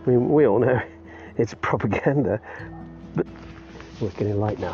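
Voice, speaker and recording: Speaking at a normal speed with a warm, lowish voice and many pauses, a man in his fifties rambles about his day for a podcast as he walks his dog outdoors. He laughs often and restarts sentences along the way. The audio is muffled, with clear music behind it.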